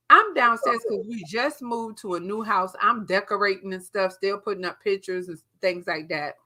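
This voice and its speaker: A young adult woman co-hosting a podcast, telling a story casually, swearing freely and acting out what people said. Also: medium pitch. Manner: animated, profane, acts out quotes. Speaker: podcast co-host.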